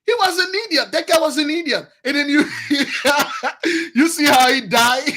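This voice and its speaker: A man speaking as a religious teacher, giving an excitable, scornful and repetitive preaching-style commentary on a TV series. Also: very high voice, measured pace.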